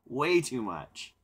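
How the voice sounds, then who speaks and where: A man's voice: medium pitch, breathy edge. A young man hosting a live stream, chatting casually with viewers in a rambling way, with repeated words and laughter. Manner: reflective and calm when talking about silence. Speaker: livestream host.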